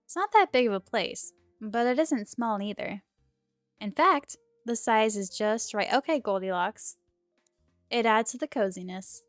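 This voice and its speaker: A woman's voice: on the high side, lively intonation, a little slow, no echo, clean studio sound. Chatty woman streamer reading a game aloud. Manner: chatty, giggly asides between read lines. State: sore throat. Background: faint game music.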